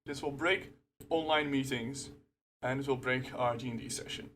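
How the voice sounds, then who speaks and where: A man making a casual screen-recorded rant about a software bug, growing louder and more emotional as he talks into his desktop microphone. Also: mid-range voice, fairly even intonation, moderate pace, a little hiss or hum. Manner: frustrated, grows louder and emotional. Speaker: software user ranting. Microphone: desktop computer microphone.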